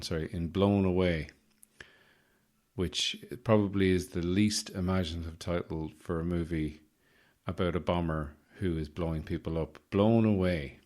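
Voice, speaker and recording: A man hosting a podcast, his voice slightly rough, rambling through an improvised comic monologue with self-mocking asides. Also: low voice, darkish tone. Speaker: podcast host.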